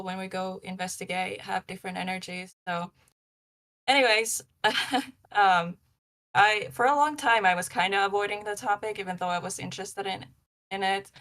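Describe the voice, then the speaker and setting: Gravelly-voiced young woman, rambling storyteller. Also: fairly low pitch, fairly bright tone. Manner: rambling, many likes and ums. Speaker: paranormal investigator guest. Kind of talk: casual live-show interview.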